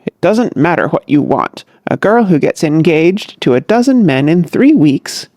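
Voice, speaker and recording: A man's voice: fairly high pitch, sing-song, normal speed, darkish tone, no room sound, studio quality. A narrator playing a blustering, irascible father. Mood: testy, blustering. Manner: blustering, testy. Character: irascible, self-willed older father.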